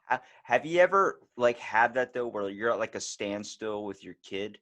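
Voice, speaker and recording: A man's voice: on the low side, animated, normal speed, a bit bright. A young man, a podcast guest, chatting casually, laid-back and swearing freely as he acts out the voices in his anecdotes.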